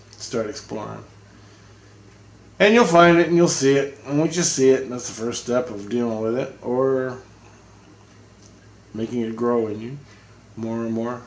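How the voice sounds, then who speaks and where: Male vlogger, mid-range voice, loose rambling spiritual monologue, salty language, echoey apartment. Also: mid-range voice. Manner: rambling, swears, repeats himself. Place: apartment, indoors.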